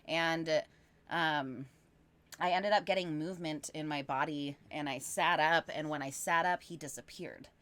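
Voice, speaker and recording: Woman, low pitch, casual rambling storyteller, podcast guest. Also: measured pace. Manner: animated, rambling with frequent fillers.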